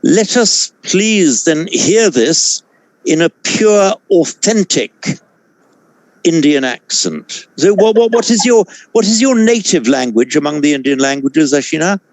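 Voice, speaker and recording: A man teaching a Sanskrit class over a video call, explaining pronunciation in a measured way with frequent self-corrections. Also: on the high side, expressive, dry recording. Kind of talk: online class lecture.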